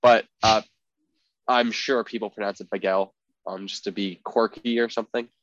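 A young man with a lowish voice talks through a casual podcast segment, rambling and leaning on filler words. The recording is dry and a little dull. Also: fairly even intonation, moderate pace, no echo. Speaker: podcast co-host.

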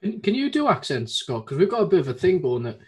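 British male co-host, slightly husky, easygoing self-mocking delivery. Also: high-pitched, sing-song, quick pace, darkish tone. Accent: British regional. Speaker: podcast co-host. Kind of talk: casual chat.

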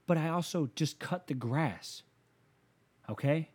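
A man hosting a show, delivering a casual comedic rant that is profane and exasperated, with loud emphatic outbursts. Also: fairly high pitch, slow pace, breathy edge.

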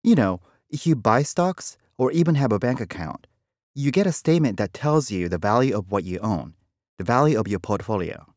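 Lively mid-pitched man explaining. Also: normal speed, dry recording, clean studio sound. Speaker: student in a scripted lesson dialogue. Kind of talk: scripted dialogue.

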